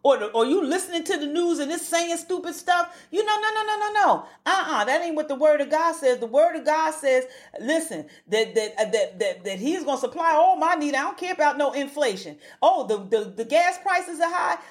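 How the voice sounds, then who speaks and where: A woman's voice: high-pitched, expressive, a little fast, few pauses. A woman preaching a fervent, emphatic sermon and repeating words for emphasis.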